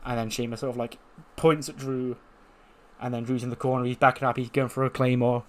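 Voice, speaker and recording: A man hosting a gaming video, recapping events in an animated, casual way with lots of fillers. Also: medium pitch, brisk. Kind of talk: casual game commentary.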